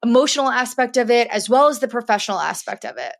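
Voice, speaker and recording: A woman's voice: a little high, animated, quick pace, gravelly. A woman hosting a podcast interview, asking empathetic, chatty questions. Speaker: podcast host.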